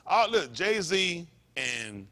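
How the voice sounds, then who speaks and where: Bright-voiced preacher man, fervent. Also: on the high side, big pitch swings, very slow. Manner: preachy, repetitive, rising to loud emphatic peaks. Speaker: pastor. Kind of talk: sermon.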